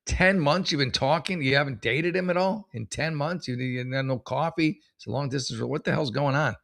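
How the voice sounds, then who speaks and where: A man's voice: mid-range voice, normal speed, creaky, fairly bright tone. Sarcastic rambling man in his forties. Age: 40s. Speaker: comedic advice host. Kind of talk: casual comedic commentary reading posts aloud.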